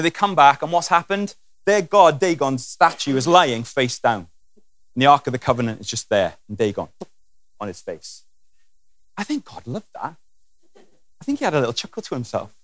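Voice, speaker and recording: Bloke preaching, lively and jokey, acts stuff out, dry close sound. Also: male voice, a little high, no echo. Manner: animated and humorous, acting out scenes. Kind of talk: sermon.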